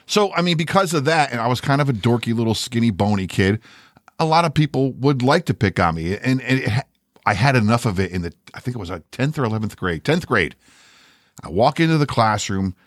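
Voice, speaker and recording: Older male podcast host, swears freely, swings his pitch widely, dry close mic. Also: quick pace, no echo. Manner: profane, animated storyteller who acts out voices. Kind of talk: casual storytelling.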